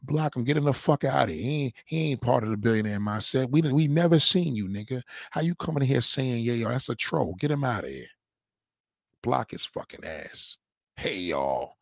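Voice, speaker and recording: A man's voice: medium pitch, lively intonation, fairly quick, gravelly, no room sound, clean studio sound. A man hosting a livestream, mocking and heckling a guest in a clip with profane, repetitive commands. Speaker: livestream host reacting to a clip. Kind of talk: profane live commentary.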